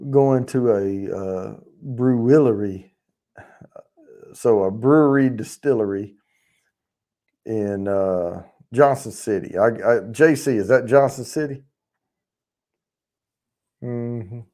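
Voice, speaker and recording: A man's voice: mid-range voice, takes it slowly, pauses often, warm tone. A man hosting a casual livestream, rambling and chatting with viewers in the chat, swearing freely as he talks. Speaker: livestream host.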